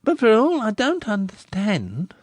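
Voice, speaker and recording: A man's voice: sits high, huge pitch swings, measured pace, a little mellow, dry recording, voice pushed up, heavily acted. A man voicing a stout, matronly village woman who speaks tartly in a rustic dialect. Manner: tart, skeptical rustic speech.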